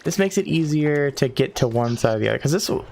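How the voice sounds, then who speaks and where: A man's voice: on the high side, lively intonation, fast, creaky, a little mellow, a little hiss or hum. A man casually chatting on a gaming stream, thinking aloud and swearing freely.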